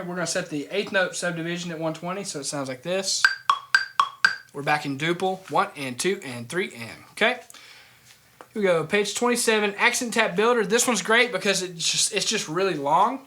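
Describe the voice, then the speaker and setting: A man teaching a drumming lesson in a casual, relaxed way, often checking in with the student. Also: high voice, fairly quick. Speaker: drum teacher. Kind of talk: casual instructional talk.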